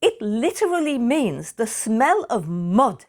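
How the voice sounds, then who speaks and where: A woman's voice: on the low side, normal speed, creaky, a little mellow. A woman quoting a blunt, unimpressed mother. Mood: puzzled.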